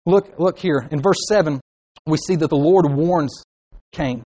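A man's voice: fairly high pitch, measured pace, dark tone, dry recording, poor audio. A young man preaching a sermon, acting out short angry inner voices to make his points.

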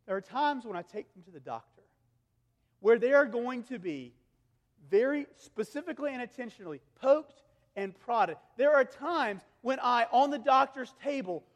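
A pastor in his thirties delivers an earnest sermon with a strikingly high-pitched man's voice. He swings between emphatic, raised passages and hushed, intimate asides. A long reverb trails every phrase, as in a large sanctuary. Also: expressive, normal speed, muffled recording.

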